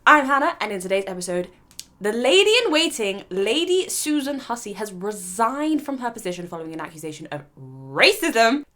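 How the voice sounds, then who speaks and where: A woman hosting her own commentary channel, talking in an animated, emphatic and argumentative way. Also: mid-range voice, normal speed. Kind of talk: opinion commentary vlog.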